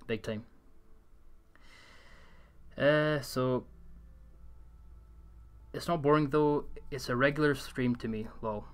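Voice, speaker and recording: A man's voice: medium pitch, takes it slowly, pauses often, smooth. A young man with a mild Scottish lilt that mostly sounds English, chatting to his stream audience as he plays. He sounds a bit tired from the heat and meanders, restarting sentences as he reads messages. Recorded up close on a desk condenser mic at home. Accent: mild Scottish, mostly English-leaning. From Scotland. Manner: rambling, reads and answers chat with many restarts. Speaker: game streamer. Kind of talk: casual live-stream chat while gaming. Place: hot room at home in the UK.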